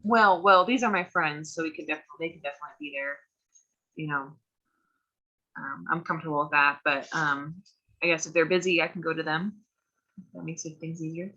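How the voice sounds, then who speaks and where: Woman, tabletop player, low pitch, bright crisp tone, casual and wry. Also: steady tone, brisk, muffled recording. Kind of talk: playing a tabletop game.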